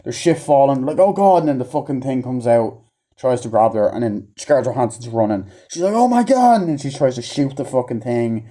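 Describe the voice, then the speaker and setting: A man's voice: medium pitch, brisk, dark tone. A man giving a casual, rambling movie review, swearing constantly and acting out characters' lines in a raised voice.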